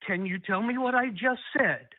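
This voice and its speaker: A man's voice: very high voice, normal speed, dry recording. Male caller, insistent and defensive, heard over a dry phone line. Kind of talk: call-in debate.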